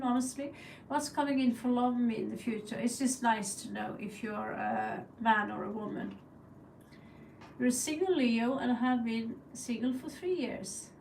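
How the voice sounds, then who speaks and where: A woman's voice: on the high side, vocal fry, distant mic, slight background noise, poor audio. A woman with a Norwegian accent hosting a tarot live stream in loose, chatty talk, cursing and laughing as she goes. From Norway. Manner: chatty and loose, swearing, laughing, mimicking crow calls. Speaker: tarot reader and channel host. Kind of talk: casual live-stream chat.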